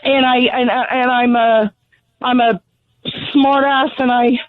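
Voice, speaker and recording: On a phone interview, a middle-aged woman calls in as a grieving mother, ranting angrily and bluntly. Her voice is fairly high with little pitch movement and a slow pace, and the telephone line sounds tinny and dry with no room sound.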